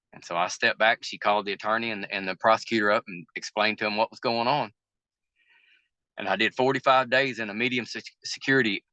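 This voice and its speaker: An older Southern American man telling his life story in an interview, his voice low-pitched and bright with a forceful edge. He talks in a folksy, plain-spoken way and plays out the other people's lines as he recounts them. The sound is close and dry. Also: no room sound, lo-fi sound. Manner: folksy, plain-spoken storyteller who acts out quoted dialogue. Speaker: river boat captain, interview guest.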